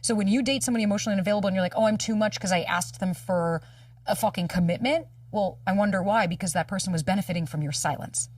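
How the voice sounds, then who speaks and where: A woman in her thirties talks candidly as a dating coach, fast and emphatic, acting out the voices of people she quotes. Her voice sits a little low and sounds husky. The recording is dry and a little off-mic. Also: darkish tone, no room sound, far from the mic. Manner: fast, emphatic, swears freely, acts out quoted dialogue. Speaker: dating coach, podcast guest.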